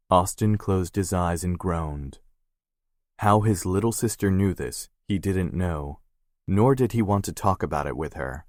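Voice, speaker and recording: A man reading a romance novel aloud as the narrator, in a steady, measured way. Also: sits low, dry recording, studio quality. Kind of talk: scripted audiobook narration.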